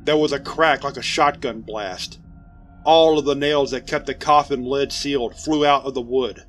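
A man's voice: mid-range voice, normal speed, fairly bright tone. Man reading a spooky story over music. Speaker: narrator. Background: faint music.

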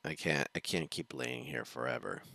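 A man's voice: rumbling low, moderate pace, gravelly, sharp tone, dry recording. A man hosting a reaction show, telling a long personal story in a casual, rambling way, chuckling as he goes. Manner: rambling, chuckling, restarts sentences.

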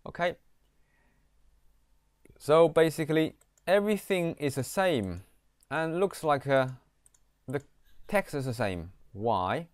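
Slow, measured man teaching code. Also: a little high, sing-song, no room sound, studio quality. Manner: slow, repeats "okay", reads code aloud. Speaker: programming teacher. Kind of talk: screen-recorded coding tutorial.

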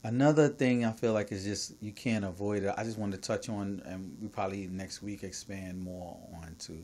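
A man from New York with a New York accent, co-hosting a casual podcast chat, animated and emphatic, swinging between loud bursts and soft asides. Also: on the low side, normal speed, a little hiss or hum. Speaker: podcast co-host.

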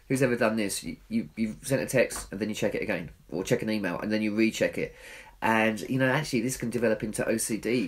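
Earnest self-mocking church speaker. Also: male voice, mid-range voice. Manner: earnest and self-deprecating, acts out his own inner voice. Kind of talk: recorded church talk.

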